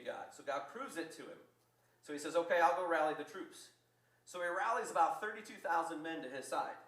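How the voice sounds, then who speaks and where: A man preaching a sermon as pastor, telling the story in a lively way and acting out the quotes. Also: fairly high pitch. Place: church. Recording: echoey church from far off.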